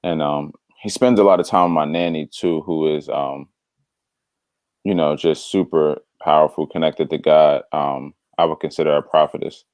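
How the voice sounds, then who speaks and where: A man in casual conversation telling a story, animated and slangy, acting out the voices of the people in it. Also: extremely low pitch, moderate pace, no room sound, clean studio sound. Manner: slangy, drops "bro". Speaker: devotional podcast co-host.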